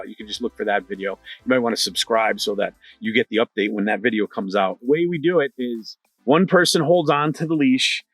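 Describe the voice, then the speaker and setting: A middle-aged man teaching dog training in a lively conversational way, repeating his key points. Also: medium pitch, breathy edge, dry recording. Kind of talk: instructional talk to camera.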